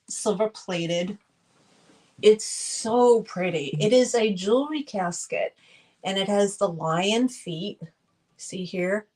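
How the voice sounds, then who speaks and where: A woman's voice: fairly low pitch, rough recording. A woman, hosting a live online sale in a chatty, gushing way and talking straight to her viewers. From northern United States. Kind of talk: casual live sale chat.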